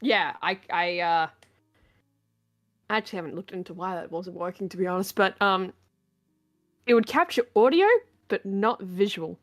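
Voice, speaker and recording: A woman's voice: on the low side, moderate pace, long pauses. A woman guest chatting casually on a stream, hesitant, stammering and laughing.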